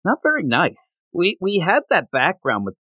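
A man co-hosting a podcast, chatting casually and animatedly about a manga chapter, often slipping into quick voices for the characters. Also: high-pitched, huge pitch swings, bright, forceful tone, dry recording. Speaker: podcast co-host.

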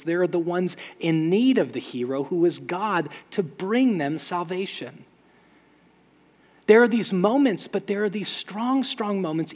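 A middle-aged man preaching a sermon, telling stories with lively shouted sound effects. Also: high-pitched, husky. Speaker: pastor. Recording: long hall reverb.

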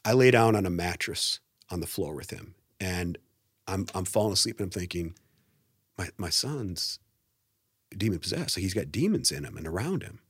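A man's voice: low-pitched, moderate pace, husky, dry recording, studio quality. A middle-aged man, a pastor and guest, telling a personal story in a podcast interview and acting out the quotes. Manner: animated storyteller, acts out quotes.

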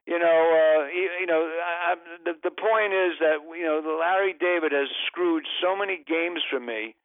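A man's voice: a little high, normal speed, no room sound, narrow, tinny audio. A man telling long comic anecdotes as a podcast guest, rambling and interrupting himself. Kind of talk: casual storytelling.

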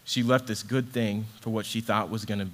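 A man's voice: lowish voice, fairly even intonation, moderate pace. A young adult man preaching a sermon in a conversational, earnest way, with casual fillers. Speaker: ministry associate director preaching.

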